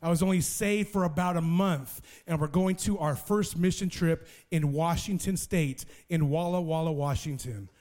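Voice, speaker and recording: A young man preaching a sermon, telling a story with lively acted-out dialogue and playful asides to the crowd. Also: on the high side, normal speed, hardly any pauses. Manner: animated, acts out dialogue, playful asides to audience.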